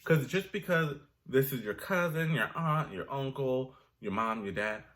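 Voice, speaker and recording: A man's voice: mid-range voice, a little slow. Profane ranting young man. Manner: animated, profane, sassy. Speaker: vlogger. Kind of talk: comedic rant.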